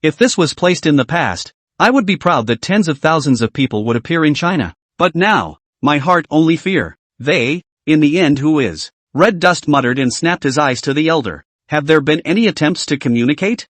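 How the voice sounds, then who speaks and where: Lively dry-voiced male recap narrator. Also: fairly high pitch, moderate pace, no room sound.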